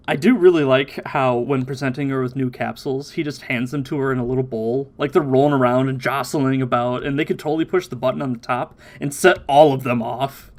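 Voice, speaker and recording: A man hosting a casual podcast, recapping a cartoon episode in an animated way, laughing often and mimicking voices. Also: mid-range voice, a little fast. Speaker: podcast host.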